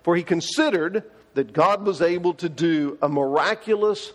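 A man's voice: high-pitched, normal speed, big-room sound. A man preaching a sermon, telling the story in a folksy way with paraphrased dialogue, recorded in a church sanctuary. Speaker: pastor.

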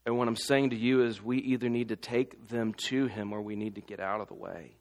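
A man's voice: medium pitch, steady tone, brisk, darkish tone. A man preaching a sermon, impassioned and full of rhetorical questions. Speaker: pastor. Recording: long hall reverb.

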